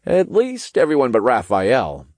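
A man narrating an audiobook in the first person, with lively, expressive storytelling. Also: medium pitch, measured pace, no echo.

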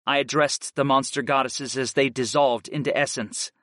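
A man narrating a first-person fantasy audiobook in a steady, earnest way. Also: mid-range voice, normal speed, few pauses, no room sound, studio quality.

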